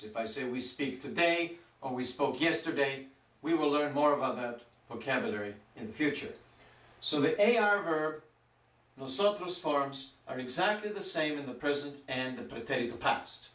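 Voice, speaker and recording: A man teaching a Spanish grammar lesson, speaking slowly and stretching out words to show their pronunciation. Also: fairly high pitch, animated, a bit bright. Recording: roomy echo, mic some distance off.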